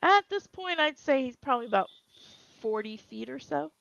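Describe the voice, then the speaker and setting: A woman's voice: high-pitched, animated, normal speed, creaky, fairly bright tone. A woman running a tabletop game as game master, narrating descriptively with fillers and restarts. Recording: dull, lo-fi dry recording.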